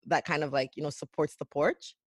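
Lively young woman telling stories. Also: sits low, brisk, dry recording, clean studio sound. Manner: animated storyteller, acts out quotes loudly. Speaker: podcast co-host. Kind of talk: casual chat.

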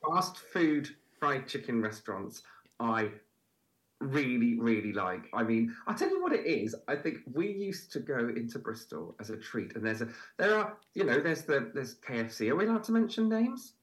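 A man chatting as a podcast guest, telling stories in a lively, chatty way with frequent fillers. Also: mid-range voice, normal speed. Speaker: guest, food festival presenter. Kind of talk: casual interview chat.

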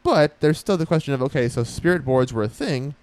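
A man hosting a podcast in a casual, animated and chatty way. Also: mid-range voice, a little fast, dry recording. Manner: animated, chatty, frequent fillers. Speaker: podcast host.

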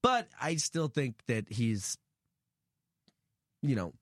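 A man in casual podcast chat, telling a story with lots of swearing and animated retelling. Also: mid-range voice, slow, no room sound, clean studio sound. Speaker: guest musician.

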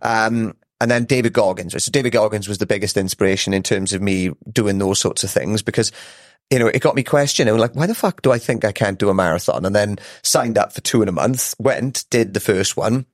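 Man, low voice, dry close sound, rambling, casual swearing, podcast guest. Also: a little fast, no echo. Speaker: podcast guest, ultra runner. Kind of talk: casual chat. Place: podcast studio.

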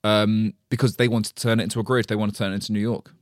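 Podcast host, lowish pitch, dead-dry mic, loose sweary banter. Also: male voice, very fast, dry recording. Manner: animated storyteller, swears freely. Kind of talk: casual chat.

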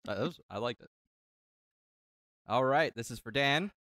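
A man's voice: medium pitch, lively intonation, normal speed, a bit bright, no room sound, clean studio sound. A goofy man in a casual drinking-game chat, egging the others on.

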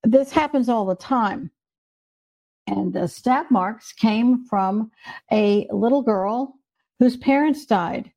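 Older woman, mellow voice, slightly high, earnest storyteller. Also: slow pace. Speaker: psychic medium guest. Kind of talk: storytelling in an interview.

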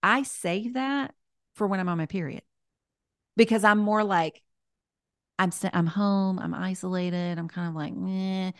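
In a clean, dry studio recording, a woman with a mid-range voice speaks a little slowly, with long pauses, as a guest sharing life advice on a casual podcast. Her manner is warm and encouraging, chatty with frequent "like" and "you know," and she often revises herself partway through sentences.

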